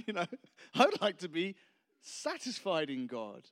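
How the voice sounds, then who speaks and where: A man's voice: fairly high pitch, wildly swooping pitch, unhurried, a bit bright. A man preaching a casual, humorous sermon, rambling and self-deprecating between anecdotes.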